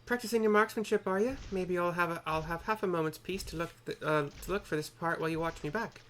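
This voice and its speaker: A man's voice: high-pitched, fast, bright, forceful tone, a little hiss or hum, pitched above the performer's own voice. A man voicing a cranky male workshop mechanic in a raised, grumbling voice.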